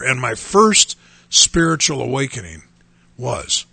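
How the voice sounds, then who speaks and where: Gravelly, earnest pastor in his fifties. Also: mid-range voice, animated, measured pace, pushed and bright, no room sound. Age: 50s. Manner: earnest, emphatic, repeats phrases for stress. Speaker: pastor and radio host. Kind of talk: radio sermon testimony.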